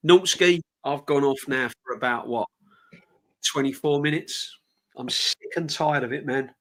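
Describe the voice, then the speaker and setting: A man's voice: mid-range voice, fairly even intonation, measured pace, a bit bright. Fuming man ranting on a live stream. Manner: passionate, fuming, repetitive. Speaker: fan channel host.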